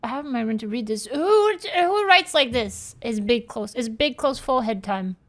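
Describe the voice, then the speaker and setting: High-voiced woman streaming a game. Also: animated, moderate pace. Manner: playful, reads on-screen text aloud, swears. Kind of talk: casual gameplay commentary.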